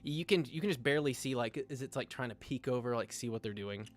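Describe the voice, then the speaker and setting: A man's voice: mid-range voice, fast. A man narrating as game master of a tabletop game, rambling with many fillers.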